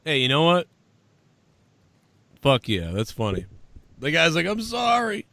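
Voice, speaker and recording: A man co-hosting a casual chat show, reacting loudly to a video, swearing, laughing hard and mimicking people. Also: mid-range voice, sing-song, a little slow, no room sound. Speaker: podcast co-host.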